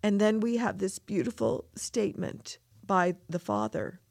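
A woman's voice: mid-range voice, big pitch swings, measured pace, vocal fry, a little mellow, dry recording, studio quality. A woman co-hosting a scripture lesson, talking through a passage in an earnest, heartfelt way. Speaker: podcast co-host teaching scripture. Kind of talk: reflective scripture discussion.

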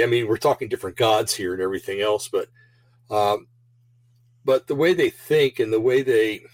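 Low-voiced, slightly breathless man rambling. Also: no echo, low-quality recording. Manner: rambling, many fillers and restarts. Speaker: show host. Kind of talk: casual rambling monologue.

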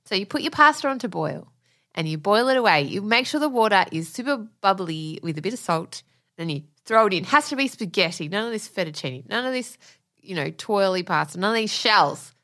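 A woman's voice: medium pitch, animated, fairly quick, a bit bright. A woman in her thirties co-hosting a podcast, chatty and swearing, laughing often. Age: 30s. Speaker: podcast co-host. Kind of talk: casual chat.

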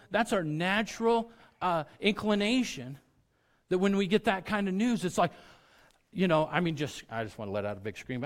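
A man preaching a sermon, talking casually to his congregation and swinging from hushed, quiet lines to loud, emphatic peaks. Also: on the high side. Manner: conversational, with many restarts and asides to the congregation. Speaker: pastor.

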